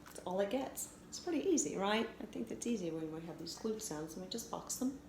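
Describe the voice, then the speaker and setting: A woman teacher giving a recorded phonics lesson for children, sounding out letters slowly and clearly. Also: mid-range voice, lively intonation, a little mellow. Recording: echoey room with faint noise.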